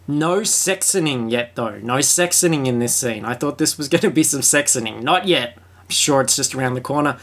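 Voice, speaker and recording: An Australian podcast host giving a solo film review, sarcastic and fond of swearing, with mock-excited asides. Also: mid-range voice, normal speed.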